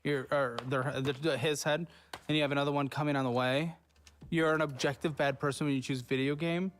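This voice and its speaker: A man's voice: a little high, steady tone, fairly quick, a bit bright. A man hosting from a studio, harshly berating a guest over her spending in a profane, scornful tirade. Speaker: host. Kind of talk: berating financial review.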